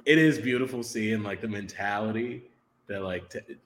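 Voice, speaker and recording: A man co-hosting a casual sports talk show, bantering loosely with quick joking asides. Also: lowish voice, fairly bright tone. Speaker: podcast co-host. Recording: roomy echo.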